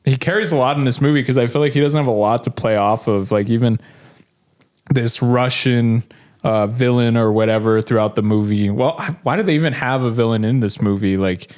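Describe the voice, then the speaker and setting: A male podcast host talks through a film in a loose, frank way, voice pitched in the middle range. He chuckles often between his points. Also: brisk. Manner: relaxed, frank, laughs often. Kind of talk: casual film discussion.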